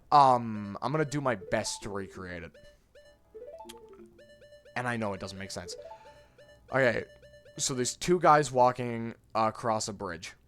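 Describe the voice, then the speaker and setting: A man's voice: medium pitch, a bit bright. A young man telling a rambling school story with many restarts and casual swearing while playing a game. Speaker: let's play co-host. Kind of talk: casual gaming chat, storytelling.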